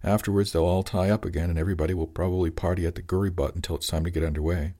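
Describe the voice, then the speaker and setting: A man voicing a gently teasing father who serves as a village shaman, speaking a little higher than his own narration. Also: fairly even intonation, rapid-fire. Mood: matter-of-fact.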